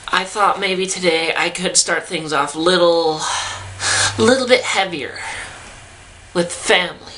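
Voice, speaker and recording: A woman's voice: on the low side, sharp tone, slight background noise, low-quality recording. Rambling young woman vlogging to camera. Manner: rambling and self-deprecating. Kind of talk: casual vlog chat. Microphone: camera mic, talking to camera.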